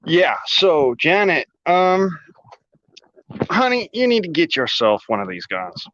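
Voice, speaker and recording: A man's voice: a little high, big pitch swings, takes it slowly, a bit bright, a little hiss or hum. Rambling folksy man, muffled audio. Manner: rambling, folksy, swears casually. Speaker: vlogger. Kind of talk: casual chat while showing an air gun.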